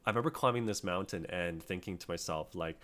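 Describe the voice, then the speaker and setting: A man's voice: low-pitched, fast talker, fairly bright tone. A young man co-hosting a podcast, chatting casually and telling a rambling story full of fillers. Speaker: podcast co-host.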